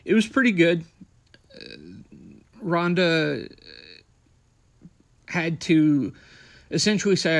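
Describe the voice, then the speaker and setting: A man's voice: fairly high pitch, fairly bright tone. A young man hosting a podcast, recapping wrestling in a blunt, sarcastic, profane way. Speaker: podcast host.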